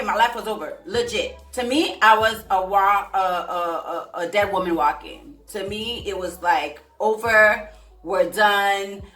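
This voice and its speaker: Female vlogger, casual animated storyteller, bright tone, echoey room with faint music bed. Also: mid-range voice. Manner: animated, emphatic, repeats herself for effect. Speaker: vlogger telling her life story.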